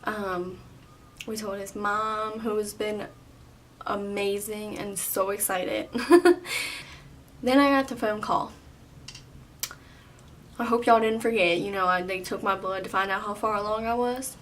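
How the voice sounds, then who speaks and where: A young woman vlogger telling a personal story in a casual, chatty way, full of "like" and quick laughs. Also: mid-range voice, fairly even intonation, fairly bright tone. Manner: chatty, lots of "like", laughs often. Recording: slightly distant, faint room noise.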